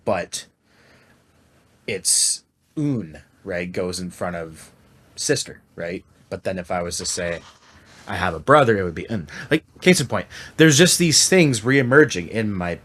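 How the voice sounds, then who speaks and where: A man's voice: sits low, expressive, measured pace, fairly bright tone. A Canadian man co-hosting a podcast, chatting casually with lots of fillers and restarts. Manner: rambling, many fillers and restarts. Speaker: podcast co-host. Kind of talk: casual chat.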